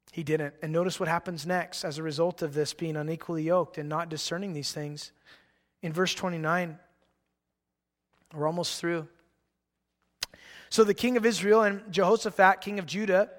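A man preaching a sermon as pastor, animated and excitable, acting out biblical characters as he reads. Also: fairly high pitch, big-room sound.

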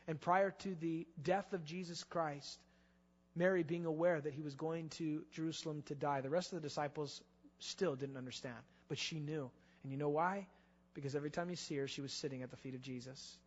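Preacher guy, high voice, lots of rhetorical questions, echoey hall, kinda dull sound. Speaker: pastor. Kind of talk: sermon.

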